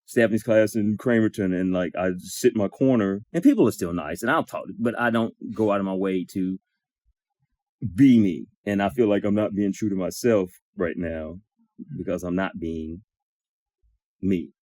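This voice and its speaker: A man in a support circle telling an emotional personal story, acting out the dialogue in lively bursts and swearing now and then. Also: deep voice, moderate pace, no room sound, clean studio sound. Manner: animated, acts out dialogue, swears.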